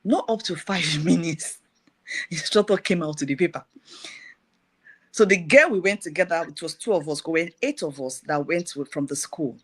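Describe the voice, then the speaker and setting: A middle-aged woman tells a personal testimony in a fairly low voice. She retells events in a lively way and repeats phrases for emphasis. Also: normal speed, husky.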